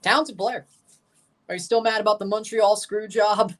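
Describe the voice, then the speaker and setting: A man's voice: high voice, steady tone, normal speed. Rambling young man calling a match live. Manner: rambling, jokey, chats to viewers. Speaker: watchalong streamer. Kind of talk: live match-reaction commentary.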